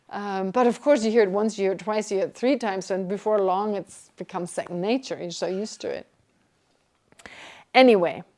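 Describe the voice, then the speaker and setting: A woman teaches Buddhist ideas to a class in a meditation hall. Her voice sits a little high, and she keeps it lively, with jokes and questions thrown back at the listeners. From Germany. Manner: lively, joking, asks the class rhetorical questions.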